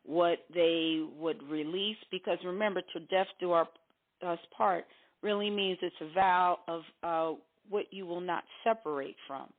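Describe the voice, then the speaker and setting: A woman's voice: lowish voice, measured pace. A woman co-hosting a casual talk show, speaking in a preachy way and acting out quoted voices. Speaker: co-host. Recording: tinny phone-like audio.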